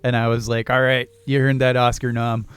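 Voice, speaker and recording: A man co-hosting a movie podcast, leading the discussion in a relaxed, measured way with easy laughs. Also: medium pitch, clear, resonant tone, soft background music. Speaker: podcast co-host. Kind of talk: casual film discussion.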